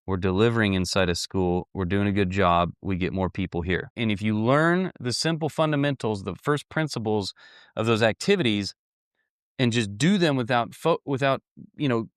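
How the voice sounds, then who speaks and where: A man's voice: on the low side, clean tone, no echo. Blunt male business coach, folksy, repetitive delivery, dry room. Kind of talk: motivational talk to camera.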